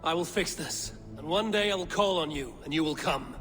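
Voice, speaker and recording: A man playing a steady Viking raider. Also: on the high side, soft background music, close to an everyday voice. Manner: measured, plain-spoken.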